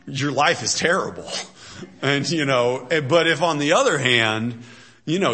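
Male pastor, middle-aged, chatty sermon full of jokes and fillers, crisp bright tone. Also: mid-range voice. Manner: chatty, joking asides, many fillers and restarts. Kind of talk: casual humorous sermon.

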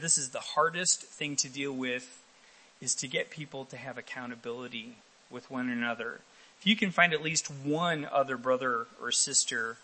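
A man's voice: a little high, low-quality recording. A male pastor preaching a sermon in a church, talking with the congregation and asking for raised hands. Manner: lively, talks with the congregation and asks for raised hands.

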